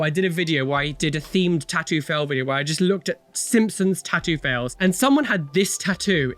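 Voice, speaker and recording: His voice is fairly high and a bit bright as he chats loosely through tattoo reaction videos. The young host rambles, exclaims, and swears often.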